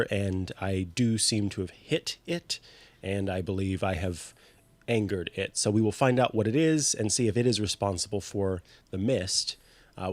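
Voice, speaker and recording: Man, tabletop player, wry casual talk, low voice, dry sound. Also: no echo.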